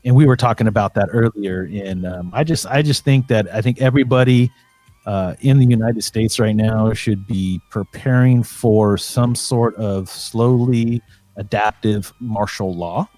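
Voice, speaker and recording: A man's voice: fairly low pitch, measured pace, warm tone, faint music behind. A man calling in from home as a guest, talking in a rambling, earnest way with many fillers and restarts. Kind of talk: casual call-in chat.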